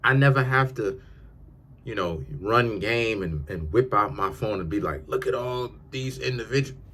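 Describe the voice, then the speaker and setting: A man's voice: on the low side, lively intonation, moderate pace, sharp tone, husky. A man giving a tarot reading in a casual, ranting monologue, rambling and often repeating his words. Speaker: tarot reader.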